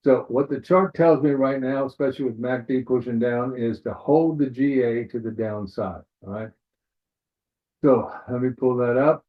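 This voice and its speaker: A man's voice: mid-range voice, normal speed. Man teaching trades over tinny webinar audio. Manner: casual, repeats "all right" often, thinks aloud. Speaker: forex trading instructor. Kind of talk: live webinar chart walkthrough.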